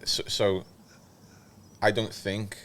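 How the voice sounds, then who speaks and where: Deep-voiced man chatting as a guest. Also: slow. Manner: rambling, repeats words when excited. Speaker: guest musician. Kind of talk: casual podcast chat.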